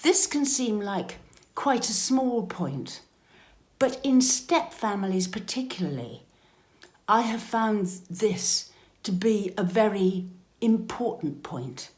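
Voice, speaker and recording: Slow, lively-toned British woman coach. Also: mid-range voice. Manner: calm, measured, gently instructive. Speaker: step-family coach. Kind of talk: advice talk to camera.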